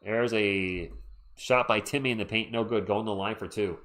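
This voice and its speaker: This tired streamer has a fairly low, steady, slightly bright voice and talks at a normal speed. He's relaxed and chatty, calling the sports action live and giving shout-outs to his chat between plays.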